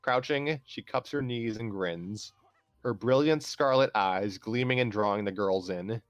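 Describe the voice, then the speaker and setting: A man calmly narrating a fan story aloud on a livestream, steady with small restarts. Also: fairly low pitch, moderate pace, no echo. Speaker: storyteller host.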